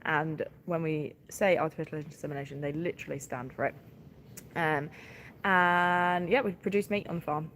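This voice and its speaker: A woman's voice: sits low, steady tone, normal speed, fairly bright tone, slight background noise. Chatty, tired farm woman. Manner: chatty and giggly, with many ums and asides. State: tired, short on sleep. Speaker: livestock farmer livestreaming a calving. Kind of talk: casual live-stream chat.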